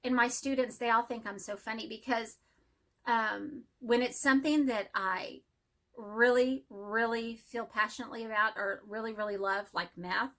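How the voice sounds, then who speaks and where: A woman chatting excitedly about her cross-stitch projects in a casual home vlog, speeding up when enthusiastic. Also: fairly high pitch, moderate pace. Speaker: cross-stitch vlogger and teacher. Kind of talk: casual show-and-tell vlog.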